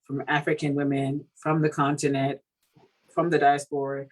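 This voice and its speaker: A woman from Cameroon, an author being interviewed, talking in a casual, animated way with many fillers and laughs. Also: low-pitched, moderate pace, poor audio. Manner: animated, laughing, full of fillers like "you know". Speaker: author guest.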